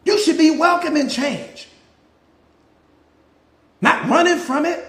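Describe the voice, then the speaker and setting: Male motivational coach, very high pitch, preacher cadence, roomy echoey sound. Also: slow, fairly bright tone. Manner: preacher-like, repetitive rhetorical questions and answers. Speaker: mindset coach. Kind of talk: live motivational talk.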